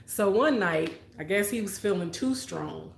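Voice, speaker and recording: A young adult woman with a medium-pitched, animated voice and some vocal fry speaks unhurriedly, with slight background noise. She laughs often on her late-night live stream as she tells childhood stories and reads viewer comments, in an echoey room.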